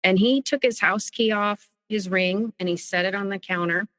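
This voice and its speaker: A woman on a podcast, telling her own story in an earnest, halting way, often restarting her sentences. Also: medium pitch, fairly bright tone, dry recording, in a large hall, low-quality recording. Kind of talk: personal storytelling.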